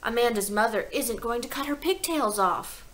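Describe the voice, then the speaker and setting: A woman's voice: on the high side, expressive, moderate pace, a bit bright. A woman voicing a talkative little schoolgirl who asks emphatic, outraged questions. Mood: indignant.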